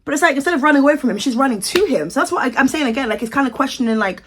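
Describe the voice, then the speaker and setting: A young British woman rants about celebrity gossip in a sassy, exaggerated vlog voice. Her tone is husky and a little breathy, sitting fairly high for a woman. She sounds outraged and theatrical, playing her reactions up for the camera. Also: lively intonation, racing. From United Kingdom. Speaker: commentary vlogger. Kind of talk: ranting celebrity commentary.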